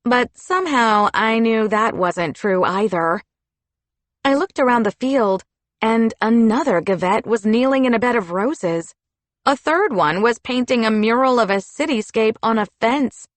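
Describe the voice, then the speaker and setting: A woman narrating a children's fantasy audiobook in a steady storytelling delivery. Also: on the high side, unhurried, no room sound. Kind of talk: scripted narration.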